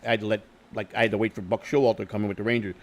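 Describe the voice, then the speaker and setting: A middle-aged man telling stories in a candid interview, swearing freely, repeating and restarting his words, and getting louder when he retells arguments. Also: on the low side, little pitch movement, very fast. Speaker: interview guest. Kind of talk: candid conversational storytelling.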